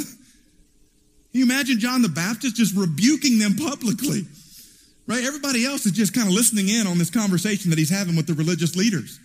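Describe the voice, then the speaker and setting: A man preaching a sermon in an animated storytelling way, heard in a church hall with reverb. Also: sits high, a little fast. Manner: animated storytelling with acted quotes.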